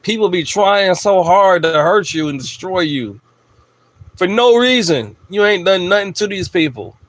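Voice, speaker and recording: A man's voice: high-pitched, expressive, unhurried, fairly bright tone. A man delivering a blunt, profane, emphatic ranting monologue as a video host.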